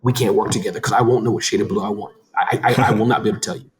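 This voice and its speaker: A man speaking as a guest in a casual interview, animated and talking quickly, sometimes slurring words. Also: lowish voice. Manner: fast, animated, says he talks too fast. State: tearing up, emotional. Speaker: podcast guest, business founder.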